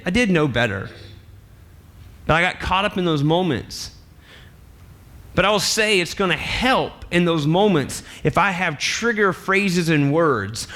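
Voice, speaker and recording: A male pastor delivers a sermon with lively, playful energy and laughs often. His speaking voice sits a little high for a man.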